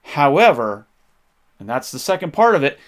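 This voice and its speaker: A man's voice: a little high, big pitch swings, moderate pace. Impassioned man giving faith commentary. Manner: impassioned, gets fired up; conversational, frequent restarts. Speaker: podcast host. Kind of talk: faith-based history commentary.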